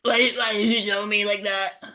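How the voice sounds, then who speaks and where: A woman's voice: mid-range voice, level tone, moderate pace, pushed and bright, natural voice. A woman voicing a small, whiny male teddy bear toy in a tabletop game. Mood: complaining. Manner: plaintive, complaining.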